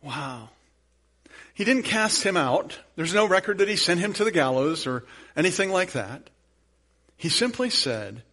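A man's voice: on the high side, lively intonation, a little slow. Man preaching in a conversational way. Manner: conversational storytelling, then soft prayer. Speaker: pastor. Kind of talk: sermon.

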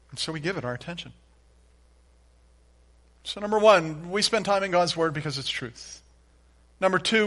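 A pastor preaching a sermon, reading scripture aloud with emphatic repeated refrains. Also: male voice, a little high, a bit bright.

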